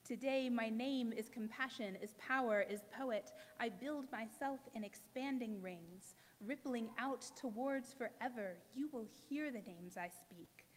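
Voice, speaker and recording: A woman poet performing spoken word before a live audience, with a measured, emphatic delivery and deliberate pauses. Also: a little high. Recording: long hall reverb.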